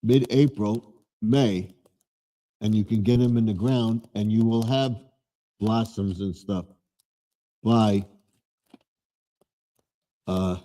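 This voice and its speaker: A man hosting a casual live stream from his home man cave, talking in a slow, rambling, low-key way. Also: fairly even intonation, dark tone.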